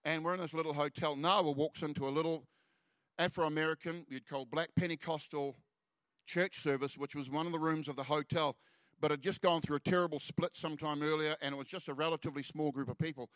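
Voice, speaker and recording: Man preaching, earnest testimony, halting restarts, slightly high voice, dry close sound. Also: fairly even intonation, no room sound. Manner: earnest storytelling, halting restarts, soft drops in volume. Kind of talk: sermon testimony.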